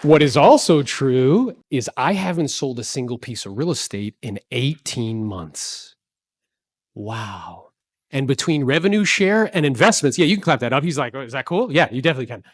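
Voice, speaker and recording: A man in his forties giving an energetic motivational talk to a live audience, telling stories and asking the crowd questions. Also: medium pitch, moderate pace, no echo. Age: 40s. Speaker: real estate speaker.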